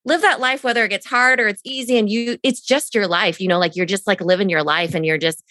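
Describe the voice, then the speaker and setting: Woman, podcast co-host, thoughtful, hesitant fillers, mid pitch, dry. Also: quick pace, pushed and bright, no room sound. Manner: thoughtful, searching for words, many fillers. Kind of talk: casual interview chat.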